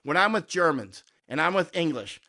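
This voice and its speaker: A middle-aged American war correspondent speaks in a conversational interview, his voice on the high side, expressive, pushed and bright at a moderate pace. He argues combatively and emphatically, often ending his points with "right?"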